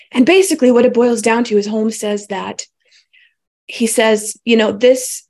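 A woman's voice: on the high side, a little mellow. Woman, spiritual speaker, reflective talk, musing, restarts and asides.

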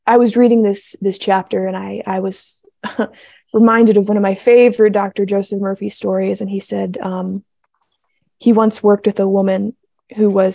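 A woman's voice: medium pitch, creaky, warm tone, dry recording. A young adult woman giving a casual spiritual talk, heartfelt and rambling, with many fillers and restarts.

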